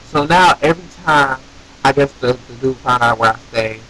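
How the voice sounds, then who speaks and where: A young man telling a story to his viewers in a casual, animated way, swearing and ranting with rhetorical questions. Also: mid-range voice, moderate pace, rough recording. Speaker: vlogger.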